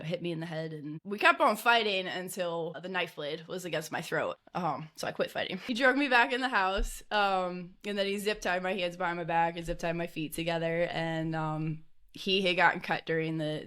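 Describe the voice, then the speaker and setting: A woman with a slightly low voice shares a personal story as a podcast guest. Her telling is casual and loose, full of fillers, with a nervous laugh now and then. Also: a bit bright.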